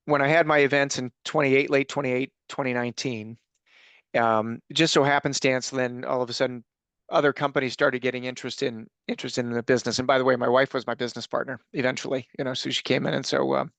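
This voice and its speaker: A man's voice: mid-range voice, gravelly, fairly bright tone, dry recording. A man as a podcast guest, talking casually and telling his story in an earnest, reflective way. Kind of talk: casual conversation.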